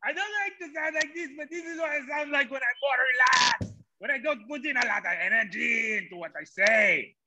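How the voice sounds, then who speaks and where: A man voicing a put-upon man with a squeaky, strained high voice in a comedy podcast bit. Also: a little fast, bright, forceful tone, a little hiss or hum, full character voice. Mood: whiny.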